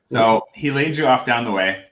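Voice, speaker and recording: A man is game master for a tabletop game, narrating casually and stopping often to restart his sentences. His voice is bright and forward. The room gives it a noticeable echo. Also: mid-range voice. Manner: halting, full of fillers and restarts.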